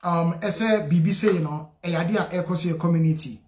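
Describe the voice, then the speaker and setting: A man with a Ghanaian accent hosting a call-in radio show, talking in a lively way and switching between Twi and English. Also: on the high side, brisk, reverberant. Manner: lively, switches languages, reads out names with a singsong refrain. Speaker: radio show host, solicitor.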